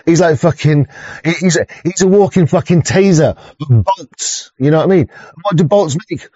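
A man's voice: on the high side, moderate pace, mellow, slightly rough, no room sound. Rambling man, dull lo-fi mic. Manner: rambling, profane, frequent restarts. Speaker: livestream host. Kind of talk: rambling livestream chat.

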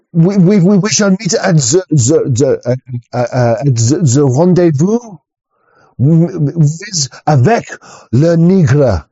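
A man voicing a bumbling male coast guard officer who speaks broken franglais in a mock French accent, halting and stammering, on dull muffled audio. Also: on the high side, dark tone, dry recording. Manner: halting, stammering, drawn-out words.

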